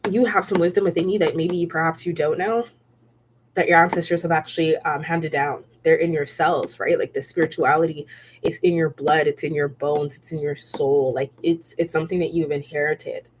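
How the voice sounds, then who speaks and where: A woman with a slightly low voice giving a casual spiritual tarot reading. She is chatty and circles back over her points, checks in with "okay?" and "right?", and often breaks into laughter. A faint hiss runs underneath. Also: darkish tone. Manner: laughs often while speaking. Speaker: tarot reader.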